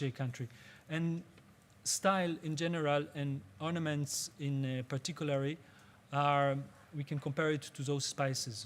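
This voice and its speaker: A man teaching a music workshop, speaking patiently and haltingly as he searches for words in English. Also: on the high side. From Israel. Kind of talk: spoken workshop lecture.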